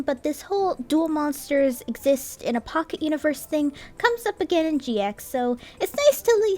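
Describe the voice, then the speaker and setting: A young woman reading a scripted anime review voice-over, sarcastic, with casual swearing and wry asides. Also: high voice.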